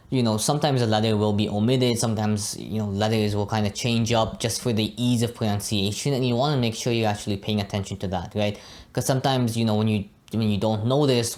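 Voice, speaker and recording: A young man giving a casual Arabic pronunciation lesson, often tagging his sentences with "right?" and "you know". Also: on the low side. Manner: relaxed, frequently adds "right?" and "you know". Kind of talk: casual teaching monologue.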